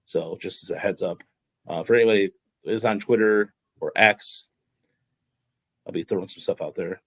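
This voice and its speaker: A man's voice: low voice, moderate pace, fairly bright tone, no echo, rough recording. A man hosting a sports podcast, talking casually and ranting with exasperation and lots of restarts. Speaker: podcast host.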